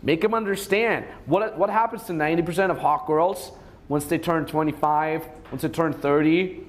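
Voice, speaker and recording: A man's voice: on the high side, normal speed. A young man giving crude dating advice in a rambling way, swearing a lot and acting out quoted lines. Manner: acts out quoted lines in a raised voice. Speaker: dating coach. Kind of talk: casual advice talk.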